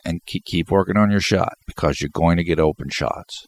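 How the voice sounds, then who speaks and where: A congested man with a low voice gives solo basketball post-game commentary, talking briskly with few pauses. He rambles, repeating words and often restarting his sentences.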